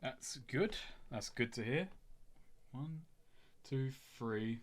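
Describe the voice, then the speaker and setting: Male player, mid pitch, speaks in character with measured, formal politeness. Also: expressive. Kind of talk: in-character tabletop role-play.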